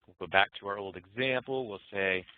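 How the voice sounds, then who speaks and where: A man teaching programming in a recorded lecture, relaxed and thinking aloud as he walks through code. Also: on the low side, brisk, no echo. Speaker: programming instructor. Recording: muffled phone-like dry audio.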